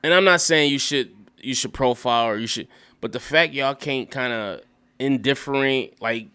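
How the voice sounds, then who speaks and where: A young man casually rambling through a TV episode recap, profane and animated, breaking into quick acted quotes. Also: mid-range voice, clean tone. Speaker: YouTube show recapper.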